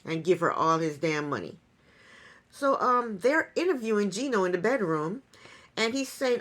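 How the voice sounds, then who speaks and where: A woman's voice: medium pitch, big pitch swings, measured pace. Opinionated woman recapping reality TV. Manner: opinionated, sarcastic, chuckling asides. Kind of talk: casual TV recap commentary.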